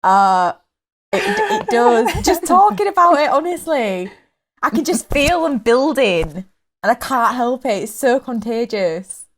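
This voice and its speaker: An English woman on a podcast chats and giggles with her friends, often trailing off mid-thought. Her voice sits fairly high and swings widely in pitch. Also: very animated, measured pace. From England. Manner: giggly, trailing off, attempts accents. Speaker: podcast co-host. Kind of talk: casual chat among friends.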